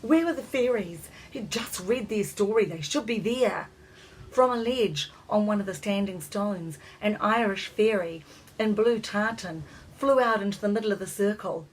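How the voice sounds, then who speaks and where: A woman narrating a children's storybook in a measured, expressive reading voice. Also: medium pitch, slightly rough, poor audio.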